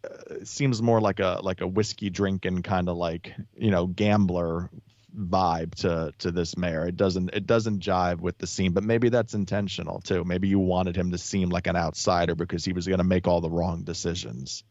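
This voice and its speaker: Deep-voiced man rambling on a lo-fi podcast. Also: steady tone, normal speed, darkish tone, no room sound. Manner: rambling, many restarts and fillers. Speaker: guest. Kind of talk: casual podcast chat. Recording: dull lo-fi sound, dry.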